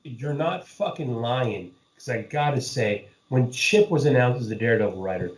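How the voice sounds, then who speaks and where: A man hosts a casual podcast chat, talking loosely, swearing often and laughing with friends. His mid-range voice is animated at a moderate pace. The recording is low quality, in an echoey room.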